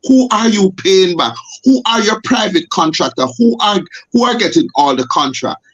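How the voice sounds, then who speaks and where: A man with a Jamaican accent, a guest on a talk show, arguing forcefully and firing off rhetorical questions. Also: sits high, lively intonation, moderate pace. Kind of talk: impassioned talk show discussion. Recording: dull lo-fi audio.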